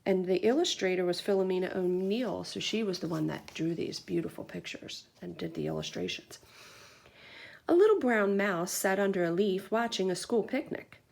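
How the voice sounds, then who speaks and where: A young woman teacher reading a picture book aloud to children, gentle and clear as she explains. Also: on the low side, very animated, moderate pace.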